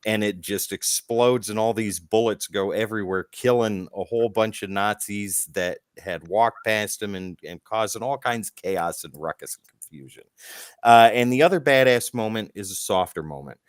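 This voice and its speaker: A man's voice: fairly low pitch, normal speed, clear, resonant tone, no room sound, studio quality. A man co-hosting a casual comic-book podcast, retelling scenes with acted quotes and the occasional swear. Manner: animated storytelling, acts out quotes, swears. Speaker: podcast co-host.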